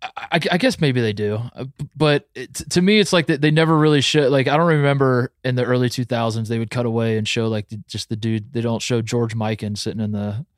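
A man's voice: mid-range voice, fast talker, hardly any pauses, no room sound, clean studio sound. Rambling man in casual sports chat. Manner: rambling, many restarts, laughing asides. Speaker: podcast co-host.

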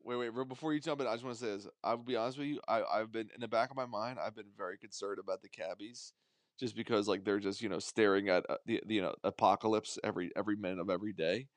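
A man with a lowish voice talks through his thoughts slowly on a podcast, hesitating and circling back before he gets to the point. The sound is close and dry. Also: steady tone, dry recording. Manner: hesitant, meandering, many fillers and restarts. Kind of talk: casual chat.

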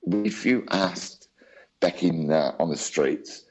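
A man's voice: low-pitched, takes it slowly, darkish tone, husky. A man with an Australian accent, telling his story as an interview guest in a chatty, rambling way. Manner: chatty, rambling with many asides.

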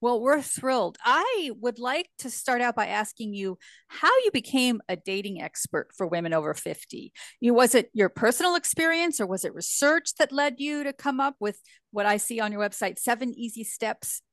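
A woman co-hosting a podcast, with a fairly high voice in a dry, close recording. She asks her questions chattily and pokes gentle fun at herself. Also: animated, moderate pace, hardly any pauses, dry recording. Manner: chatty, self-deprecating questioning. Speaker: podcast co-host. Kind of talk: podcast interview.

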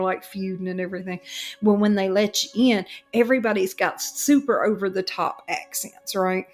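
Chatty Southern woman telling stories. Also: mid-range voice. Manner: animated, laughing storyteller with lots of fillers. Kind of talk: casual storytelling chat.

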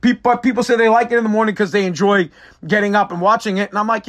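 A man's voice: high voice, fairly even intonation, quick pace, fairly bright tone. A tired man hosting his own podcast, ranting in a profane, exasperated, rambling way. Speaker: podcast host. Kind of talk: casual solo podcast rant.

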